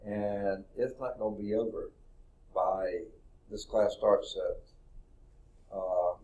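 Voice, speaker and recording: Man, math professor, classroom lecture, lowish voice, rambling, thinking aloud. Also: steady tone, slow, mellow, muffled recording.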